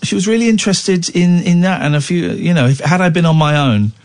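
Lively, teasing man in his forties. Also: high-pitched, a little fast, smooth. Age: 40s. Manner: rambling, playful and teasing. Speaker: radio show host. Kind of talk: late-night talk radio chat.

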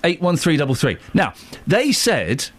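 A man's voice: fairly high pitch, wildly swooping pitch, a little slow. A man hosting a radio show from a studio, telling an angry story and acting out both sides of each argument. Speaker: radio host. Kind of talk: ranting anecdote on live radio.

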